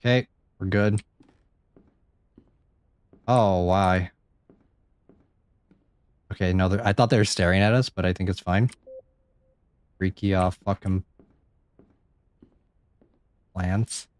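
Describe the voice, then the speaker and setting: A man streaming a horror game live, reacting out loud, swearing and chatting to viewers. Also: low voice, steady tone, slow, pauses often, smooth. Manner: jumpy, swears often, chats to viewers. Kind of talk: live gameplay commentary.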